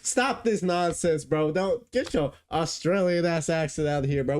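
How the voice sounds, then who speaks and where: A woman giving reaction commentary in a slangy, incredulous way, swinging from low mutters to squealing outbursts. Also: moderate pace, hardly any pauses, a little mellow.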